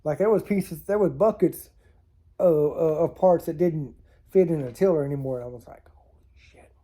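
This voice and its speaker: Man rambling thru dumb stories on camera, laughs at himself, warm kinda raspy tone. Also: fairly high pitch, normal speed. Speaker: storytelling vlogger. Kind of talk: casual storytelling to camera. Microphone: camera mic on a tilting setup.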